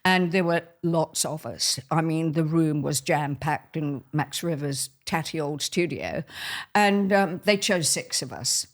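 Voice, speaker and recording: An older woman from Australia, telling lively stories of her dancing career as a podcast guest and laughing as she goes. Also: low-pitched, a little slow. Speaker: guest, former ballet soloist. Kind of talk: anecdotal storytelling in conversation.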